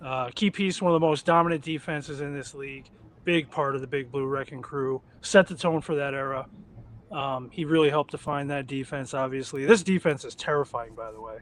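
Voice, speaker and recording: A man's voice: medium pitch, fairly quick, fairly bright tone, a little hiss or hum. A man co-hosting a podcast, enthusiastic and joking. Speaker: podcast co-host.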